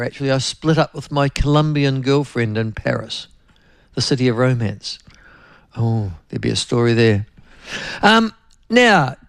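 A man's voice: mid-range voice, no echo. A man with a New Zealand accent hosting a radio talk show, chatting in a rambling, anecdotal way and often turning to his co-host.

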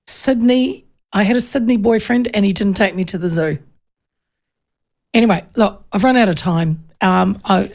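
A middle-aged woman, hosting a radio talk show and telling a story in an animated, chatty way, often correcting herself mid-sentence. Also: fairly high pitch. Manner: animated, chatty, self-interrupting with quick corrections.

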